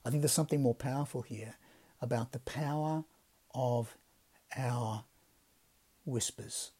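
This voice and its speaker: Mellow-voiced man, gentle devotional reflection. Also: medium pitch, unhurried, breathy edge. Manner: gentle, reflective, often dropping to soft quiet phrasing. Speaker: podcast host.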